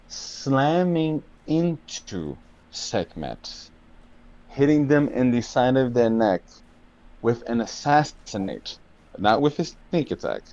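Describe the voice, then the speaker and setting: A man's voice: medium pitch, darkish tone, highs cut off. A man narrating a tabletop game as dungeon master, drawing out his dramatic descriptions. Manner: slow, drawn-out dramatic narration with swearing.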